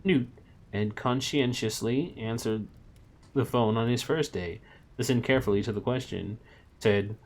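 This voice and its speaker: Relaxed male reader with a low voice. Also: a little slow. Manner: relaxed, amused asides between passages. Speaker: story reader and streamer. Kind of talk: casual streamed book reading.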